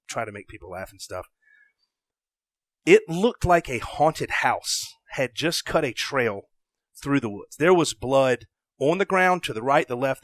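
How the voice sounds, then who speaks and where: Man, young adult, podcast guest spinning a lively yarn, loud to hushed, dry close sound. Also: medium pitch, no room sound. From American South. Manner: excitable, swings from loud bursts to hushed asides; acts out his own past thoughts in quoted lines. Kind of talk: animated storytelling.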